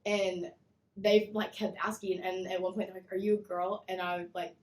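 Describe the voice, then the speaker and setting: A young woman telling animated stories in a casual chat as a guest, full of fillers. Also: medium pitch, moderate pace, echoey room. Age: young adult. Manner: animated storytelling, acts out kids' voices, many fillers. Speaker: guest, former mascot performer.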